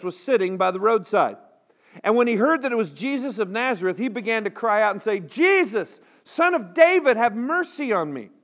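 A man preaches, his voice sitting high for a man. He rallies his congregation into call-and-response with plenty of humor. His delivery is energetic and animated. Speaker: pastor. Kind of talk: sermon.

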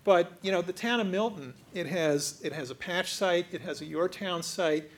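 A man answering a question on a public panel in a conversational way, with quick asides. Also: high voice, a little hiss or hum. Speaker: panel speaker.

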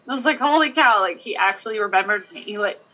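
A woman on a convention panel chatting quickly and casually, telling an anecdote. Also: mid-range voice, pushed and bright, husky. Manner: chatty, quick, with frequent laughs. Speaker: convention guest. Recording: dull lo-fi sound.

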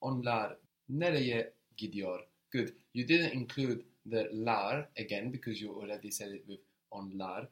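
A man teaching a language lesson, patient and encouraging, prompting a student step by step. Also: lowish voice. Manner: patient, encouraging, slow and deliberate.

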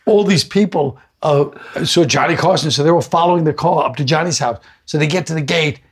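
Husky-voiced man telling stories. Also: fairly high pitch, a little fast. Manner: rambling, profane, animated anecdotes. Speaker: guest comedian. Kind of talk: casual storytelling chat.

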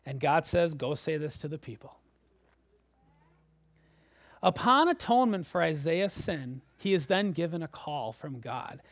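A man preaching a sermon, animated, moving between loud emphasis and hushed low lines. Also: unhurried, pauses often, no echo. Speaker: pastor.

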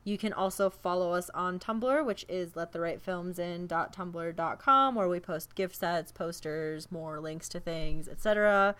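A woman's voice: on the low side, unhurried, hardly any pauses, a bit bright, clear, resonant tone. A woman co-hosting a podcast in casual chat, rambling through announcements and laughing often. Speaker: podcast co-host.

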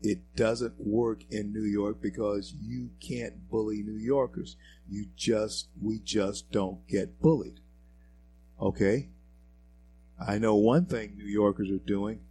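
Low-voiced man preaching political commentary. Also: fairly even intonation, takes it slowly, soft background music, poor audio. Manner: preachy, rises to loud emphatic bursts; reads quotes aloud with fillers and restarts. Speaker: show host.

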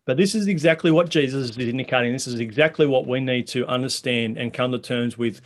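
A man's voice: mid-range voice, brisk. A man preaching a sermon in a conversational way, asking the congregation many questions. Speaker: pastor.

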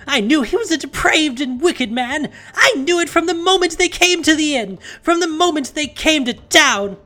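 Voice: high voice, expressive, normal speed, sharp tone, pitched above the performer's own voice. A narrator voicing a hysterical innkeeper's wife who shrieks and wails in tearful panic. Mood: wailing. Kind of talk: audiobook narration.

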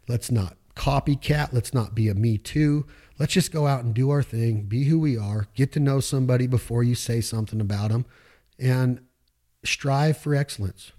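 A man's voice: medium pitch, moderate pace, warm tone. A man hosting a podcast, talking casually in a fired-up, preachy pep-talk way with slang and swearing. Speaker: podcast host.

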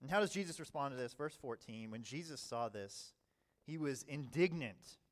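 A man preaching a sermon in a conversational way, often saying "all right" and swinging between quiet and loud passages. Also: medium pitch, lively intonation, normal speed. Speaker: pastor.

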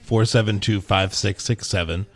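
A man's voice: lowish voice, steady tone, normal speed. A man co-hosting a radio show, easygoing and chiming in with short agreements. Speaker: radio DJ co-host. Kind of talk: casual radio banter.

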